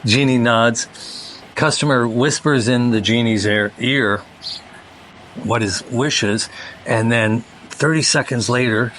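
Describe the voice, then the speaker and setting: A man hosting a relaxed chat who spins a long joke with plenty of restarts. His voice is mid-pitched and ordinary, and there is faint room noise behind him. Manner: rambling storyteller, quick bursts. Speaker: host. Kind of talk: casual chat and joke telling.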